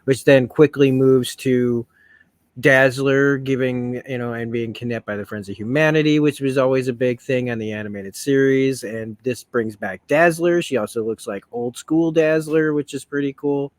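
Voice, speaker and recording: A man's voice: mid-range voice, steady tone, normal speed, no room sound. A man chatting through a comic book review in a rambling, casual way. He corrects himself often and laughs easily. The recording is dry and close.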